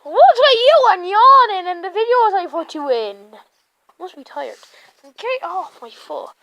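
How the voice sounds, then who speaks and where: A woman vlogging casually at home, giggling often and chatting excitedly to her dogs. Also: very high voice, unhurried, muffled recording.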